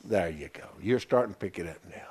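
A man preaching a sermon to a congregation in a folksy way, calling listeners honey and swinging between loud declarations and hushed asides. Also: low voice, animated, quick pace. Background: congregation responses.

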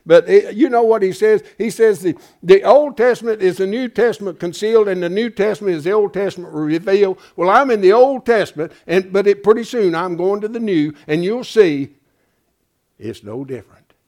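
A middle-aged man preaching a sermon, folksy and emphatic, dropping from loud declarations to hushed asides. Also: high-pitched, fairly quick.

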